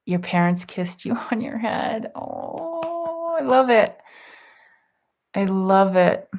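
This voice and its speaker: A woman hosting a live spiritual group session, chatting gently and affectionately as she reads out viewers' comments with soft laughs. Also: fairly high pitch, sing-song, takes it slowly. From California. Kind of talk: casual live-stream chat.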